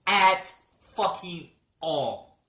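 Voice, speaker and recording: A young man tells an embarrassing story for a vlog, animated and joking, with plenty of swearing and stammering. His voice is bright and sharp, and it echoes around the room. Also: high voice, extremely slow. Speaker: vlogger.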